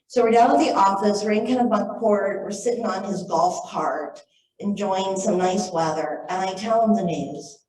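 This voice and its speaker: A middle-aged woman telling a lively anecdote to a live audience at a library talk, acting out the voices of the people in it. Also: mid-range voice, normal speed, far from the mic. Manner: lively anecdotal storytelling, acts out quoted voices. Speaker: author and speaker. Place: library event room. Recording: echoey room, voice picked up from afar.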